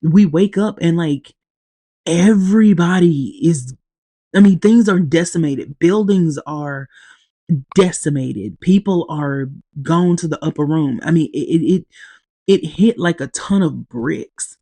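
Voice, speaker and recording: A woman recaps a TV episode on her podcast, teary-eyed and halting, leaving long pauses. She talks slowly in a gravelly, mellow voice. The room sound is dry and close. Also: low-pitched, dry recording. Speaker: podcast host.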